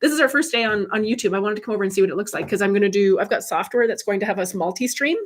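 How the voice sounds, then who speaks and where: A woman's voice: mid-range voice, racing. A middle-aged woman, a medium and life coach, hosting a casual livestream, chatting candidly and reading viewer comments aloud.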